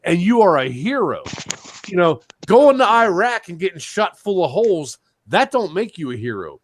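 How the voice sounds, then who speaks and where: A man's voice: sits high, very animated, normal speed, a little hiss or hum. A man hosting a talk show, ranting heatedly in casual talk, swearing and raising his voice when angry. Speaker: show host.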